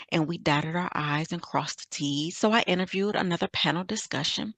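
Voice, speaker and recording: A woman's voice: fairly low pitch, moderate pace, few pauses, a bit bright, dry recording. A middle-aged woman from Michigan telling an earnest, faith-filled story of her career as a summit speaker. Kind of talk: personal testimony talk.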